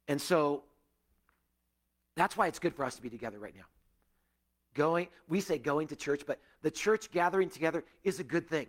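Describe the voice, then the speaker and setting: A male pastor preaching a sermon to a gathered church, earnest, rising to emphatic peaks and dropping to hushed, quiet stretches. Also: expressive, moderate pace, long pauses. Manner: earnest, swinging between raised emphasis and hushed, low passages.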